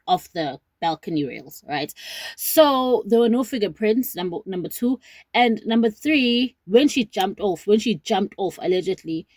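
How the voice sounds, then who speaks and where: A woman's voice: medium pitch, a little mellow, no room sound. A South African woman in her late twenties giving rambling, earnest commentary to her viewers, mixing in Zulu words. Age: 20s. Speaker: vlogger. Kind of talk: casual commentary to camera.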